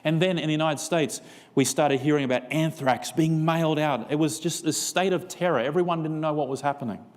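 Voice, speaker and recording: A man's voice: on the high side, fairly quick, long reverb tail. A man preaching a seminar sermon, telling a story and acting out both sides of a conversation. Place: church.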